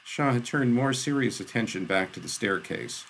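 A man narrating a fantasy audiobook in a steady, descriptive storytelling manner. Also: medium pitch, moderate pace, a little hiss or hum.

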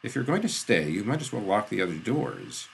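A man voicing a suave, sardonic male swordsman who speaks in formal, dry, measured phrases. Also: fairly low pitch, wildly swooping pitch, creaky, slightly rough, full character voice. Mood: calm. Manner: courtly, measured, dryly ironic.

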